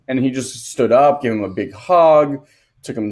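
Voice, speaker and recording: A man's voice: medium pitch, expressive, moderate pace, a little mellow. A man who is a father, co-hosting a casual coaching podcast and earnestly telling a personal story. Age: adult, a father. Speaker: co-host and transformation coach.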